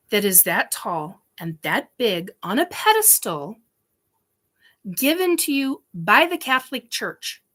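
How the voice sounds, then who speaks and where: Slow, rambling woman telling a story. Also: a little high, a bit bright. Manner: rambling, frequent ums and restarts; emphatic, swears casually. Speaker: host. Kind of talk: casual personal storytelling.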